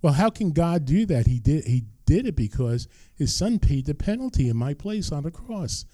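A man's voice: on the high side, very animated, normal speed, dark tone, no room sound. An older man preaching a sermon as pastor, earnest and emphatic, repeating his key phrases.

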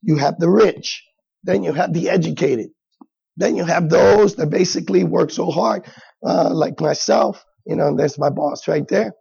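A high, gravelly male pastor preaches in an easy, conversational way and slips into little acted asides. His voice is husky and the recording sounds dull and lo-fi. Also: unhurried, dark tone. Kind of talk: sermon.

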